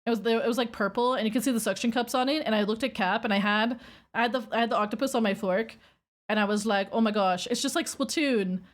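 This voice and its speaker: A woman streamer chatting casually with her viewers, telling a rambling story in an animated way and squealing when she gets excited. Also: a little high, fast talker.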